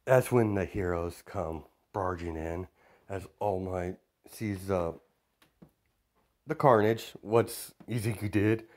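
A man's voice: low voice, slow, a little mellow. A man casually retelling a fan story, rambling with many fillers and restarts.

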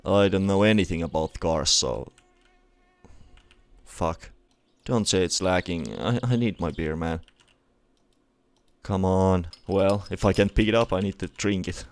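A young man with a Finnish accent doing let's play commentary, excitable and swearing often at the game. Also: low-pitched, measured pace, long pauses. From Finland. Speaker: gaming youtuber.

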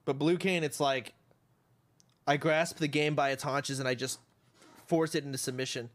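A man's voice: medium pitch, fairly even intonation, normal speed. Brash trash-talking male streamer. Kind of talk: casual gaming stream chat.

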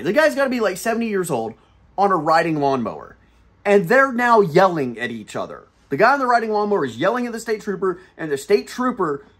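A man hosting his channel, telling a story in a casual, animated, profane way. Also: high-pitched, slightly rough. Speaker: channel host.

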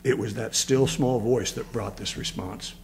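A man's voice: medium pitch, steady tone, a little slow, darkish tone, slight background noise, low-quality recording. A man with a Midwestern American accent preaching a sermon as pastor, emotional and rising to fervent emphasis.

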